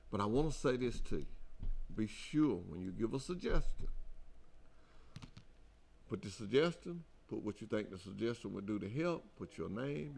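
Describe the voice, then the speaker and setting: A man's voice: mid-range voice, creaky, a bit bright. A man with a Southern US accent, talking earnestly to his company's truck drivers in a folksy way and repeating his points for emphasis. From Alabama. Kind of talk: folksy company talk to employees.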